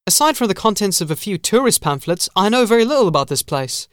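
Man doing an eager curious traveler, higher voice, polite, dry close sound. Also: very animated, fast talker, a bit bright, no room sound.

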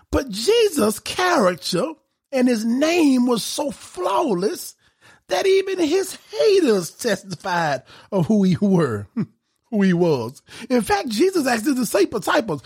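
A man preaching a sermon in an emphatic style, rising to shouts on key points. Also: extremely high pitch, very animated, unhurried, slightly rough.

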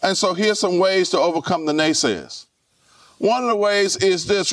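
High-voiced preacher. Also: male voice, moderate pace, fairly bright tone, no echo, distant mic. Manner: repetitive, rhetorical questions to the congregation. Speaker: pastor. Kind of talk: live sermon. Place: church.

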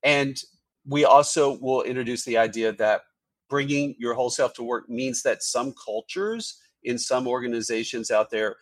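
A man, an HR executive, answering podcast interview questions in a measured, corporate way with frequent fillers. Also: medium pitch, no echo. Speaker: HR executive guest.

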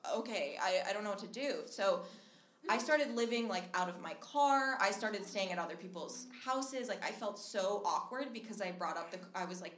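Young woman storyteller, bright and forceful, chatty with lots of restarts, live in an echoey room. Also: medium pitch, expressive, moderate pace. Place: live show venue. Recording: echoey room with faint noise.

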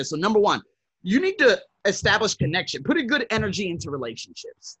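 A man hosting a self-help podcast, telling casual stories with swearing and laughter, swinging between loud and soft. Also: sits high, sing-song, a little fast, breathy edge. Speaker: podcast host. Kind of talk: casual storytelling monologue.

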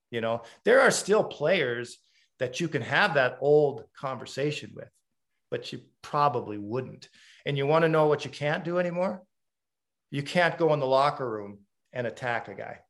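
Gravelly-voiced man, blunt storyteller. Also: on the high side, fairly bright tone. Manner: emphatic storyteller; blunt and direct. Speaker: former hockey coach. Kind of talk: casual interview talk.

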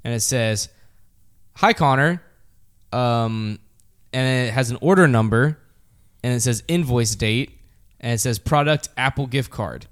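A man's voice: medium pitch, unhurried, clear, resonant tone. A man co-hosting a podcast, reading out spam emails during casual chat. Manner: reading out emails in a flat, amused way. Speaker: podcast co-host.

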